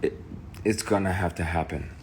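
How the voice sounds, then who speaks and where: Deep-voiced man swearing through his story. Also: steady tone, normal speed, slight background noise. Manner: profane, heated, shouts in retold quotes. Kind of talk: candid personal account to camera.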